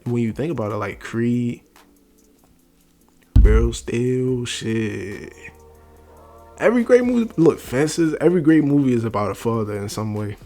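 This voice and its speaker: A man giving casual film commentary at home, talking quietly and rambling, calling the listener "bro" again and again. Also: medium pitch, animated, a little slow, pauses often, faint music behind. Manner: rambling, says "bro" constantly. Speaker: movie reviewer. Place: at home at night.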